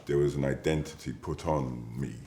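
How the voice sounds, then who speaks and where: Very deep-voiced English man, echoey room. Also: fairly even intonation, mellow, slight background noise. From England. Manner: measured, musing, with pauses and fillers. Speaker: interviewee. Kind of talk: reflective interview talk.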